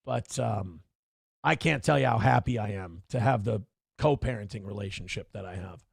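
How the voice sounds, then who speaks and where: A man's voice: on the low side, moderate pace, creaky, husky, dry recording, clean studio sound. A middle-aged man hosting a casual livestream, reading out chat comments and talking candidly in a rambling way, with many restarts.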